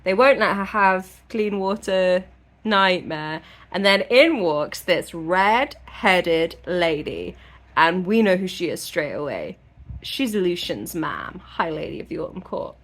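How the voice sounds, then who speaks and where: A woman vlogger recapping a book in a casual, irreverent way, now and then swearing. Her voice sits a little low for a woman, and she keeps the tone chatty throughout. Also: animated, slow, fairly bright tone.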